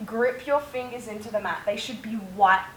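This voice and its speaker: A woman teaching a yoga class, calmly cueing breath and movement step by step. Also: mid-range voice, moderate pace, far from the mic, a little hiss or hum. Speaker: yoga instructor. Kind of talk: guided yoga class instruction. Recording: echoey room, faint ambience.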